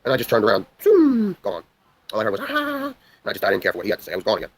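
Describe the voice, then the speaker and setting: A man's voice: fairly low pitch, huge pitch swings, very fast, breathy edge, poor audio. A young man from the New York area tells a long story on a livestream. He talks in a rambling, intense way and swears a lot. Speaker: livestream host.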